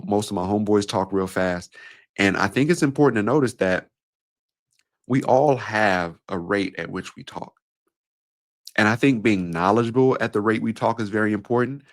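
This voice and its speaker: A man with a nasal voice and a slight Southern country twang, talking through a solo podcast in a measured, deliberate way and shifting his pace for emphasis. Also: low-pitched. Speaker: podcast host and speaking coach.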